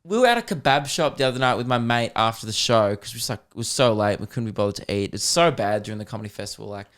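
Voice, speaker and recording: A man with an Australian accent, a comedian hosting a podcast, telling stories in a casual, rambling, animated way. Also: on the low side, rapid-fire. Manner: rambling, animated, slips into voices.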